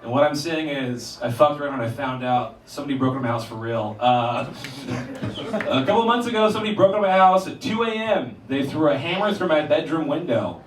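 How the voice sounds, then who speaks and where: A man's voice: on the high side, animated, brisk. A young man doing a profane, self-deprecating stand-up comedy set in a small theater, acting out other people's voices. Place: small theater, live audience. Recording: roomy live room mic from a distance, loud crowd laughter. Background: audience laughter.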